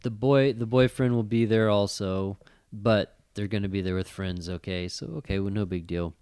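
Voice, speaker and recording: A man's voice: fairly low pitch, moderate pace, smooth, no room sound. A middle-aged man co-hosting a casual chat show, telling a story with lots of swearing and acted-out quotes. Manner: animated storyteller, swears a lot, acts out quotes. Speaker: podcast co-host.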